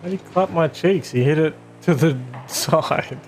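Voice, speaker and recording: A man's voice: on the high side, unhurried, a little mellow, faint music behind. A man chatting and teasing his friend while they play a game together. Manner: teasing, laughing banter. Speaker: teammate and friend. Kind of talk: casual gaming chat.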